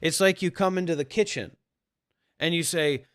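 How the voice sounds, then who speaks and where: A man with a fairly high-pitched voice talks bluntly and profanely to viewers on a livestream. He speaks as a spiritual teacher, recorded dry with no room echo. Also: normal speed.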